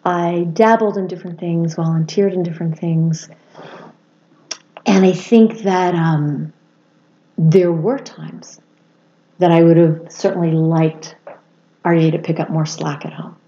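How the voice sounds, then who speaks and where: A woman in her sixties, a podcast guest and mother, speaking in a soft, measured and reflective way. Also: on the low side, steady tone, a little hiss or hum. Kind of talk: reflective conversation. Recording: dull lo-fi sound.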